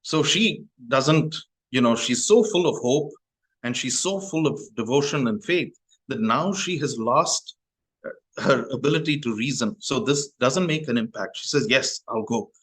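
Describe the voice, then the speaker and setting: A man's voice: mid-range voice, a little slow, a bit bright, low-quality recording. A male Buddhist monk telling a story in a Dharma talk, talking in a loose, conversational way with restarts and asides.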